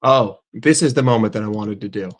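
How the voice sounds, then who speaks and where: A man's voice: lowish voice, brisk. An American man giving a heated, profane football reaction rant with lots of emphatic repetition. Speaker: football fan commentator.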